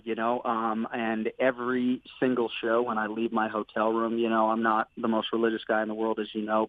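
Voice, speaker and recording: A man's voice: on the low side, no room sound. A man in his thirties, a sports commentator, chatting in an interview about his work and family in an earnest, enthusiastic way. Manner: earnest, enthusiastic, with fillers like "you know" and "man". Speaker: MMA play-by-play commentator, guest. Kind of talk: casual interview chat. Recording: tinny phone line, dry.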